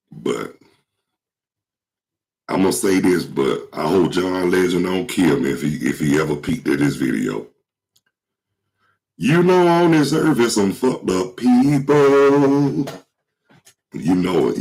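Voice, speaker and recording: Very deep-voiced hoarse man with a cold. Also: a little mellow, poor audio. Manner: slangy, rambling, swears freely, addresses viewers as y'all. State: hoarse with a cold, keeps clearing his throat. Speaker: vlog host. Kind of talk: casual monologue to viewers.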